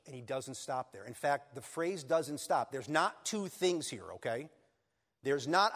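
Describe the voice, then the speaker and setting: A man's voice: medium pitch, animated, unhurried, a bit bright. A man preaching a sermon as pastor, earnest and building to emphatic peaks. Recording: long reverb of a church hall.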